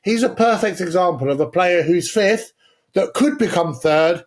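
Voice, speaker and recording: A man's voice: sits high, lively intonation, moderate pace. A man co-hosting a casual football podcast, opinionated and sweary, laying out his arguments step by step. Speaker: podcast co-host.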